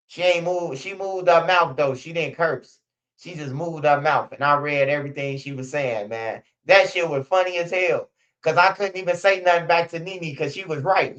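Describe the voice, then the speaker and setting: High-voiced, profane man telling stories. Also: a little slow. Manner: profane, animated storytelling. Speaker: streamer commenting on street news. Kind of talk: casual live-stream commentary. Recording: dull lo-fi stream audio.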